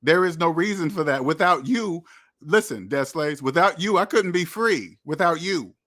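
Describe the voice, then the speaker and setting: Preachy bright-voiced man lecturing viewers. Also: a little high, expressive, moderate pace. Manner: preachy, repetitive, addresses viewers as debt slaves; acts out imagined quotes. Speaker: money channel host. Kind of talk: motivational monologue.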